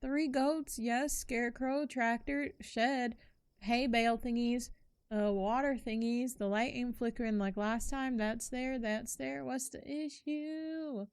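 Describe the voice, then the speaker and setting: Young woman streamer, unhurried slangy chatter, fairly high voice, dry close mic. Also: steady tone, a little mellow, clear, resonant tone, no room sound. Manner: chatty, jumpy, shrieks when startled; talks to chat, slangy and swears. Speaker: streamer playing a horror game. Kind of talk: casual live-stream commentary.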